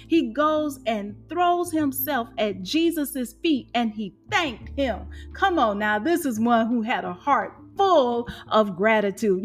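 A woman's voice: high voice, a bit bright. A woman preaching a sermon in an emphatic, exhorting way, with call-and-response asides to her listeners.

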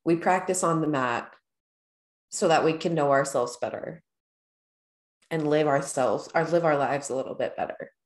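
Calm low-voiced woman in a roomy space. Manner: calm, affirming, unhurried. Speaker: host. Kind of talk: interview, yoga talk.

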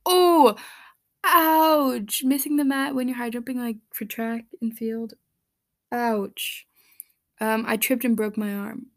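Chatty podcast host woman with vocal fry. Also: fairly high pitch, flat delivery, a little slow. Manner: chatty, giggly, rambling with many fillers and restarts. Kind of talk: casual solo podcast reading listener answers. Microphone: podcast microphone.

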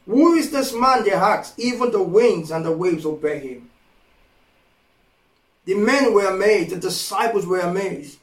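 A man preaching a sermon, slow and emphatic, repeating phrases and rising to impassioned pleas. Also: high voice. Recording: echoey room from far off.

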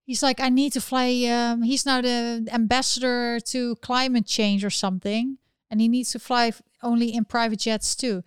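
Chatty woman with a smooth, higher voice. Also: level tone, normal speed, no echo, clean studio sound. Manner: chatty, opinionated, with frequent restarts. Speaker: live chat host. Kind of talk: casual livestream chat.

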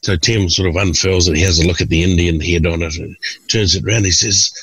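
A man's voice: sits low, a little fast, breathy edge, no room sound, rough recording. A man in his forties, a podcast guest telling funny anecdotes and acting out the people in them. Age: 40s. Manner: animated storyteller who mimics people in raised voices. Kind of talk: storytelling anecdotes.

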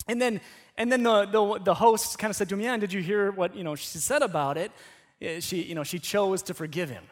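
A man with a high-pitched voice gives a sermon. He preaches like he is chatting, retelling a story with frequent restarts and repeated words. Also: fairly quick. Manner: conversational storytelling with many restarts. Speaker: pastor.

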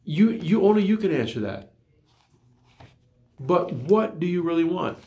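A man preaching in a slightly high, gravelly voice, earnest and repetitive, asking his listeners question after question. The sound bounces around an echoey room. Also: big pitch swings, a little slow, mellow, highs cut off. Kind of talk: sermon.

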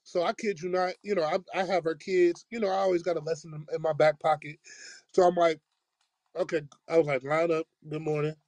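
A man's voice: fairly high pitch, flat delivery, fairly quick, darkish tone, no room sound. A man who teaches, telling a long school story in casual chat and acting out the voices of the people in it. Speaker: podcast host, teacher.

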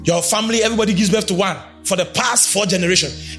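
A man preaching a sermon, emphatic, swinging between shouts and low, intense speech. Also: fast talker, few pauses, soft background music. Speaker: prophet preaching.

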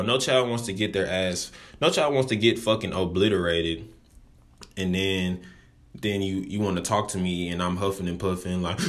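A man's voice: low-pitched, a bit bright. A young man talking casually to camera, loose and profane, rambling with frequent restarts.

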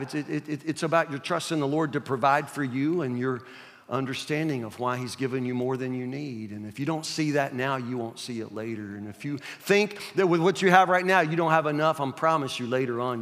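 A man's voice: mid-range voice, fairly quick, a bit bright. A male pastor preaching a sermon in an earnest, emphatic way, repeating his key points. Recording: long hall reverb.

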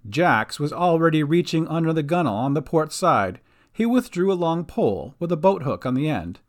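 A man giving scripted narration of a fantasy audio story, expressive and doing all the voices himself. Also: fairly high pitch, normal speed.

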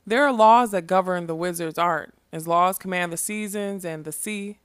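A woman voicing a wizard who speaks quietly and in a measured way. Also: on the low side, clear, resonant tone, dry recording, studio quality, lightly acted. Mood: earnest. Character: wise wizard, calm and persuasive.

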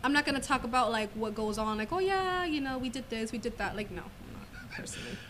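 A woman's voice: fairly high pitch, very animated, fast, fairly bright tone, slight background noise. A woman in a casual podcast chat, speaking candidly and filling her speech with "like".

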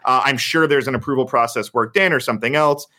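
A man hosting a casual podcast, brisk and teasing as he steers the conversation. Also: medium pitch, bright, forceful tone. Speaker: podcast host.

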